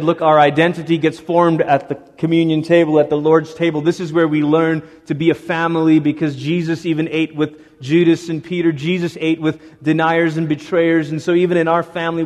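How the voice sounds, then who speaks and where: A middle-aged man preaching a sermon as a pastor, lively and conversational, now and then acting out the voices of people in the story. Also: on the high side. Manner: animated, acts out voices of Moses and God. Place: church sanctuary. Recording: long reverb of a church hall.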